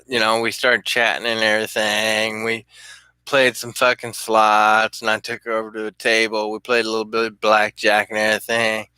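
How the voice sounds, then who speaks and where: Bright-voiced man rambling through a story. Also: lowish voice, clear, resonant tone, no room sound. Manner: rambling, profane, chuckling often. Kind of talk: casual anecdote telling.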